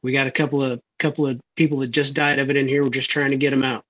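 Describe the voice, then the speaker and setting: A man playing a Western tabletop game, talking in a hesitant, halting way. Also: mid-range voice, level tone, a bit bright, lo-fi sound. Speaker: player. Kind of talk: tabletop role-play.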